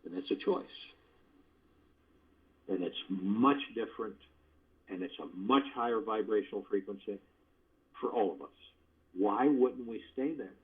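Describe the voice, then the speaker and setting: A man's voice: lowish voice, lively intonation, a little slow, long pauses. A man hosting a meditation call, giving spiritual teaching in a folksy, conversational way full of rhetorical questions. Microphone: phone. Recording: dull lo-fi conference call line.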